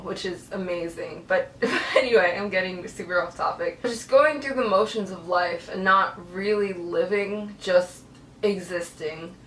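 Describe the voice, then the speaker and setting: Young woman vlogging her story: heartfelt and emotional, middle pitch, echoey room. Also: a bit bright, recorded from a distance, slight background noise. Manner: earnest, emotional, tearful at times. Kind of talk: personal story to camera. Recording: echoey room, voice a bit off-mic.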